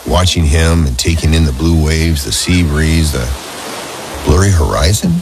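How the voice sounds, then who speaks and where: A man playing an older grandfather who has surfed all his life, speaking slowly and wistfully in a commercial. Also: very deep voice, background noise. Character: nostalgic grandfather surfer, lifelong beach lover. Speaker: ad character. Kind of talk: commercial acting.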